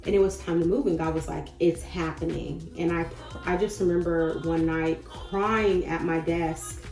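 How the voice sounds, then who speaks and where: A woman in her thirties talking casually and encouragingly to camera about faith and change, chatty and goofy, with sudden loud bursts. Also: fairly low pitch, steady tone, moderate pace. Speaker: spiritual vlogger. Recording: echoey room with faint music.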